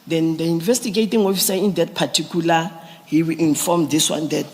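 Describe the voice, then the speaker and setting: A man giving formal testimony to a commission, explaining police procedure step by step with halting restarts. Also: fairly high pitch, fairly even intonation. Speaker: police witness at a commission hearing. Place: large hearing room. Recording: echoey hearing room.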